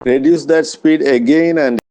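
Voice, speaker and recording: A man practicing spoken English with an AI, speaking carefully and politely with frequent pauses and restarts. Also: fairly high pitch, dark tone. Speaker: English learner.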